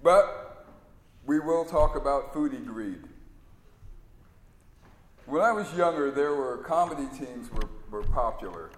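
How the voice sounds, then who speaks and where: A man's voice: medium pitch, lively intonation, measured pace, long pauses. A male preacher giving a sermon in a conversational, storytelling way. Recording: echoey hall reverb.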